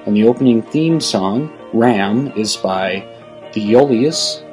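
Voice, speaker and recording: A man host reading a scripted outro for his show in a steady, measured way. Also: on the low side. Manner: steady, reads out contact details. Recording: voice over faint guitar music.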